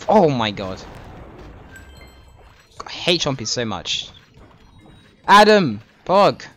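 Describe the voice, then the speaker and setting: Excitable British man streaming a game. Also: mid-range voice, slow pace. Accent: British English. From Britain. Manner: excitable, swears often, reacts loudly to mistakes. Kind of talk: casual live-stream commentary.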